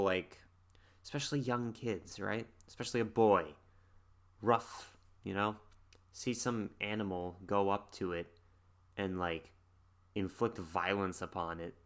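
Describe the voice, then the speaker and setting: Low gravelly man musing casually. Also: pushed and bright. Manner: rambling, thinking aloud with many fillers. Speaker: music reaction channel host. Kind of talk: casual reaction commentary.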